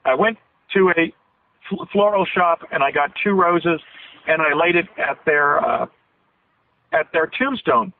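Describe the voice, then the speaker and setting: This interview guest, a man in his fifties, has a fairly high voice and a measured pace, pausing often as he tells a long, earnest story full of restarts on a call-in radio show. The tinny, dry phone line carries a little hiss or hum.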